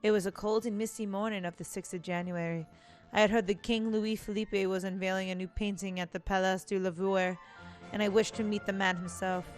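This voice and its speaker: A woman's voice: mid-range voice, flat delivery, a little fast, faint music behind, lightly acted. A woman voicing a courteous young male prince with flowery speech, reading game dialogue aloud in a stilted put-on accent. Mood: recounting. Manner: stilted attempt at a foreign accent.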